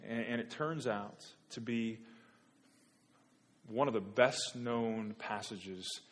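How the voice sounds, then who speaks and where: A man preaching a sermon, moving from quiet reflection to loud, pleading rhetorical questions. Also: lowish voice, takes it slowly. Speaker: pastor.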